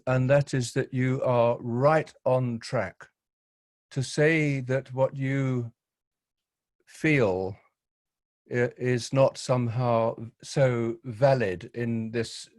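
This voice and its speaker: A man speaks very slowly and deliberately over a video call, his voice dry and close with no room sound. He weighs his words carefully as a workshop participant. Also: medium pitch, fairly even intonation, darkish tone, no echo.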